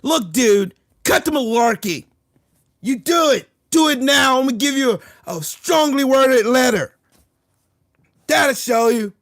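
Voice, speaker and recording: A man's voice: extremely high pitch, expressive, measured pace, no echo, clean studio sound, voice pushed up, exaggerated voice. A man voicing a blustering, mock-threatening Canadian tough guy. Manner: mock-threatening, loud and rising.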